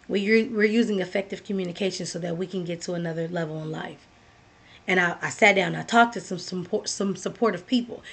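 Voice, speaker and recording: A woman's voice: a little high, creaky, husky. A woman giving a motivational talk, earnest and direct, repeating key phrases as she speaks to the listener.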